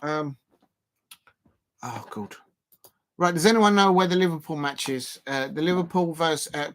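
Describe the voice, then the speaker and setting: Bright-voiced rambling streamer. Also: male voice, fairly high pitch. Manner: rambling, chatty, bursts into excited shouting at match incidents. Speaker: football watch-along streamer. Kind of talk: casual live commentary.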